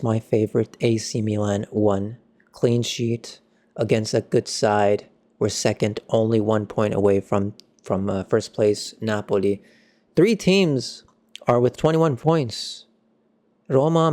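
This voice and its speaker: A young man giving a casual football match reaction, excitable and ranting, with sudden jumps in pitch. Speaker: football fan vlogger.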